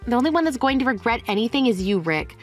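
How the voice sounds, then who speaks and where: A fed-up young divorcee, read by a synthetic woman's voice, cold and blunt. The voice is high, and faint music runs beneath it. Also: sing-song, fast talker. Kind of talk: text-to-speech text story.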